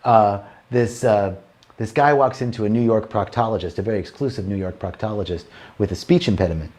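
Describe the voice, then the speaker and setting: A man's voice: fairly low pitch, brisk, a little mellow. Guy rambling thru jokes on a livestream, keeps restarting, cracks himself up. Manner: rambling, restarts lines, laughs at his own jokes. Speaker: host telling jokes to a live online audience. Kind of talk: casual joke-telling on a livestream.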